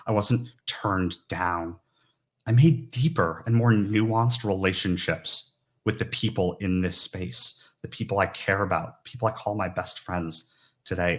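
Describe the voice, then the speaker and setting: Brief: deep-voiced male speaker, candid and heartfelt personal story, addresses the crowd directly. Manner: earnest, confessional, often asks "right?". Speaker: conference speaker. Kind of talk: personal story talk to an audience.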